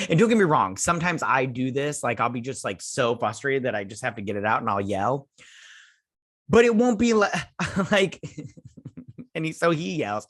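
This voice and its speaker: A man's voice: mid-range voice, animated, normal speed, long pauses, a bit bright, no room sound, studio quality. A man hosting a TV breakdown, recapping an episode in a casual, sarcastic rant, mocking characters with silly quotes, laughing and swearing. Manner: laughs often, swears, trails off with fillers. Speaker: host of a TV breakdown channel.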